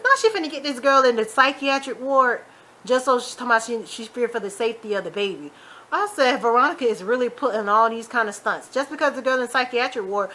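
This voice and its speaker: A woman hosting a casual TV episode recap, chatty and animated, retelling scenes with quick asides. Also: on the high side. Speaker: YouTube TV recap host.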